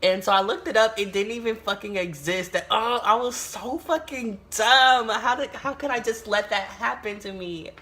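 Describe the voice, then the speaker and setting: A young adult woman from the United States tells a storytime vlog in a casual, animated way, swearing often and exclaiming a lot. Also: a little high, normal speed, few pauses. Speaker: YouTuber.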